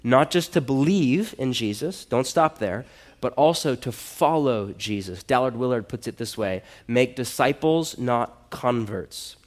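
Male pastor, sermon delivery, candid and conversational, swells into urgent appeals; mid-pitched voice. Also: unhurried. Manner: earnest, conversational preaching with rising emphatic exhortations.

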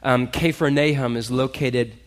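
A pastor preaching a sermon in a lively, conversational way, talking straight to his listeners. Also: mid-range voice, measured pace.

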